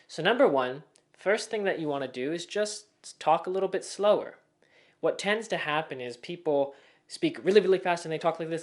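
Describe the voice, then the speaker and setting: Young man, casual speaking-tips tutor, upper-middle pitch, demos sloppy speech. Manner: demonstrates mumbling and rushed speech as examples. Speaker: speaking coach.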